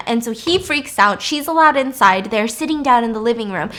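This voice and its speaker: A woman's voice: a little high, animated, brisk, pushed and bright. A woman casually recapping a film plot in a chatty way, with lots of fillers. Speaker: YouTuber.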